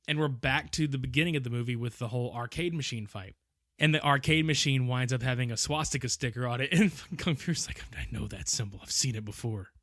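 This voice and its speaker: A man co-hosting a podcast, recapping a film in casual chat, animated, laughing often and swearing casually. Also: a little high, no echo, studio quality. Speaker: podcast co-host.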